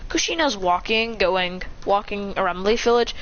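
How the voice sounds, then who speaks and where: A woman's voice: medium pitch, a bit bright, a little hiss or hum. A woman rambling through an improvised fan-fiction story, on a dull lo-fi recording. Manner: rambling, quick.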